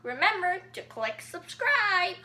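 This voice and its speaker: Casting: chirpy talking flower, sweet and sing-song, very high and bright, voiced by a girl. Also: very animated, takes it slowly, exaggerated voice. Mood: cheery.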